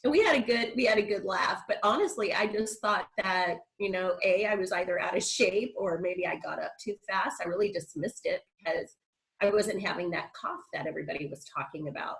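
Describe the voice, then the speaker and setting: A woman's voice: lowish voice, fairly even intonation, fairly quick, creaky, fairly bright tone, rough recording. A middle-aged woman on a video call, telling a personal story in a chatty, rambling way with frequent restarts and laughs. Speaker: guest speaker.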